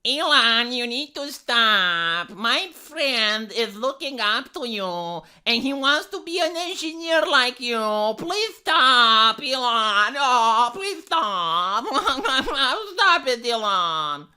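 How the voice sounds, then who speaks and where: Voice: medium pitch, sing-song, slow, hardly any pauses, bright, forceful tone, clean tone, heavily acted. A whiny weepy online critic, put on by a Romanian-accented streamer. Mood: whiny pleading. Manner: pleading, sobbing, mocking. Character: whiny online critic pleading through tears.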